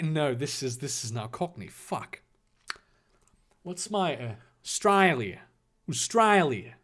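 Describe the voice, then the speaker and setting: A man's voice: high voice, lively intonation, moderate pace. A man reading a story aloud for laughs, breaking off with sarcastic, swearing asides. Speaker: YouTube reader. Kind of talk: comedic reading with commentary.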